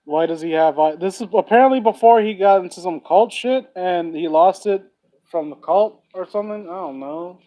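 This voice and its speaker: Sitting high in pitch but dark in tone, a young man's voice moves at normal speed through a comedic reading of fan fiction. He throws in sarcastic, profane remarks along the way, and the recording is low-quality.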